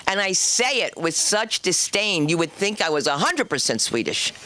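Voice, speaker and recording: A woman emcees a stand-up comedy night at a club, bantering with and ribbing the audience. She talks at normal speed in a lowish, pushed, bright voice with big swings in pitch.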